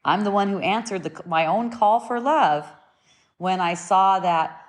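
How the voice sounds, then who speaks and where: This woman's voice sits at a medium pitch as she gives a calm, thoughtful spiritual talk. Her ideas come back again and again in new wording, and now and then she punctuates them with brief, forceful commands.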